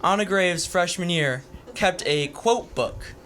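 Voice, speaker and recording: A man's voice: high voice, lively intonation, slow pace, a bit bright, slight background noise. A young man hosting a casual podcast chat, running a guessing game with friends. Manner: reads out quotes as a quiz game. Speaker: podcast host.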